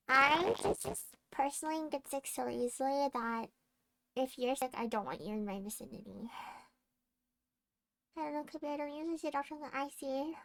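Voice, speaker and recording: A woman's voice: high-pitched, normal speed, creaky, fairly bright tone, a little hiss or hum. A sleepy woman streamer chatting casually with her viewers, rambling and giggling, with lots of restarts.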